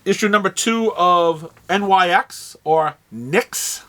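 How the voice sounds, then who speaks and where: High-voiced New England man. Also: takes it slowly, bright, forceful tone. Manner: rambling, with frequent fillers and restarts. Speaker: comic shop host. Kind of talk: casual product rundown.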